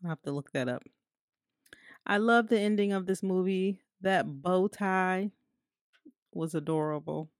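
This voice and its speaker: Low-voiced chatty woman reviewer. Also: no echo, clean studio sound. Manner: chatty and warm-hearted, laughs often, pauses with fillers. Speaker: movie reviewer. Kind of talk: casual spoken movie review.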